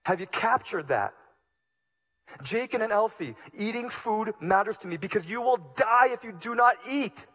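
A man preaching a sermon as pastor, moving between hushed, low passages and loud, emphatic ones. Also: lively intonation, a little slow, husky.

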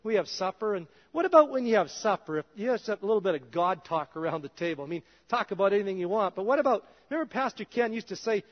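A male pastor preaching a conversational sermon in a church, his voice dropping soft and low at times. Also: animated, fast talker, hardly any pauses. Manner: conversational, drops soft and low in quoted prayers. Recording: dull reverberant hall sound.

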